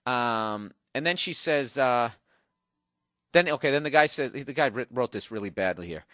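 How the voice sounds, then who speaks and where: A man's voice: medium pitch, lively intonation, normal speed, fairly bright tone, no room sound, studio quality. A man hosting a podcast, ranting with profanity and sarcasm in a casual comedic monologue, recorded on a single microphone in a hotel room. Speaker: podcast host. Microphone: single microphone, no headphones.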